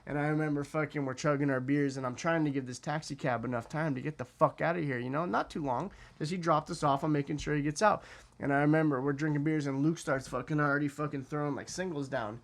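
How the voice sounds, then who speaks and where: A man's voice: a little high, fairly even intonation, fast. A young man telling a story in casual podcast chat, acting out the voices of the people in it and swearing a lot.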